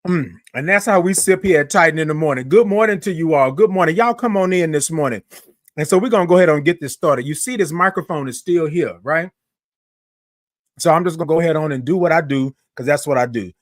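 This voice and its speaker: A man's voice: a little high, dry recording, clean studio sound. Chatty livestream host, man. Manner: chatty, greets viewers by name, drawn-out sung "good morning". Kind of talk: casual livestream talk. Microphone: microphone close to face.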